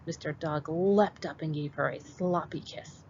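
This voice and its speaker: A kindergarten teacher, a woman, reading a picture book aloud to children and walking them through it in an expressive way. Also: deep voice, a little slow. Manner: expressive, animated read-aloud. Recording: dull lo-fi with faint hiss.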